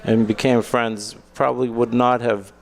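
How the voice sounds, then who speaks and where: A man's voice: medium pitch, normal speed, gravelly. A middle-aged man, telling stories as a guest comedian and acting out the people he quotes. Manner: animated storyteller who acts out quoted people. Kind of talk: casual storytelling conversation.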